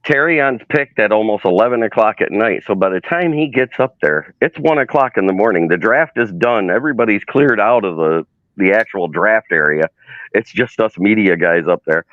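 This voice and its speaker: A man chatting on a livestream as a sports media intern, telling lively stories and acting out the quotes. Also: fairly low pitch, normal speed, dry recording, muffled recording. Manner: animated storyteller, acts out quotes. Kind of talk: casual livestream storytelling.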